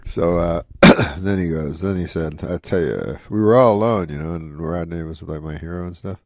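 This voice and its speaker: A man's voice: sits low, steady tone, moderate pace, dry recording, clean studio sound. A man in his fifties from Canada, a comedian guest telling stories in a rambling, wry way full of asides. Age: 50s. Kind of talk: casual anecdotal storytelling.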